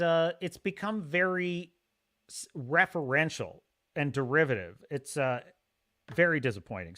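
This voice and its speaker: A man hosting a casual livestream, rambling excitably and reading chat messages aloud. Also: fairly high pitch. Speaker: livestream host.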